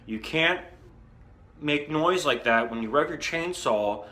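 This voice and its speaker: A man doing a calm, patient cop. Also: fairly high pitch, slow, pitched above the performer's own voice, heavily acted. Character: calm, patient male police officer.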